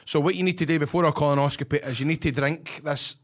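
A man's voice: a little high, fairly even intonation, fast talker. A Scottish man in his thirties, co-hosting a casual chat, telling stories with swearing and teasing. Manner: storytelling, swearing, teasing and laughing. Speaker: podcast co-host.

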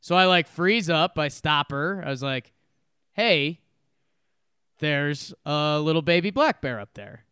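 A man telling a story on a casual podcast, acting out what people said with plenty of laughter. His voice is smooth and resonant, sitting a touch higher than most men's. The sound is dry and close. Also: a little slow, dry recording. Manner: animated storyteller, acts out quotes, laughs often. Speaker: podcast co-host.

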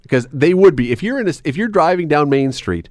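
A man's voice: on the high side, animated, brisk, no room sound. A man hosting an evening radio talk show, chatty and playful, laughing often as he talks in the studio. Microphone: studio microphone.

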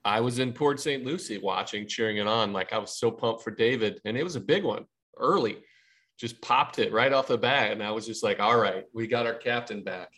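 A man's voice: mid-range voice, a bit bright. Easygoing man, casual sports chat. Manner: easygoing, restarts words often. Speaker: podcast co-host.

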